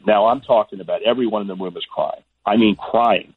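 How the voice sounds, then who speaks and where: A man in his sixties from Florida, a guest sportscaster telling stories in a phone interview, animated and stammering on restarts. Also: fairly low pitch, brisk, few pauses. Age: 60s. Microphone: telephone. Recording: husky, dry phone line.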